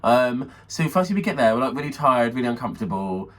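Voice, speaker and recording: A camp young Englishman spins a gossipy story on a chatty comedy podcast, laughing as he acts out the people in it. He talks fast, with a voice that leaps up and down. His pitch sits in the middle. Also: very animated. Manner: camp and gossipy, calls his co-host honey and mama. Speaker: podcast co-host.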